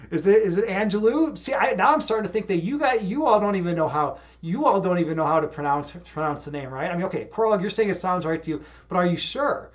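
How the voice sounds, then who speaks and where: A man's voice: sits high, expressive, fairly quick. A young man hosting a livestream, chatting casually and reading viewer comments, rambling and repeating words, hyped up after a yoga session. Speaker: livestream host.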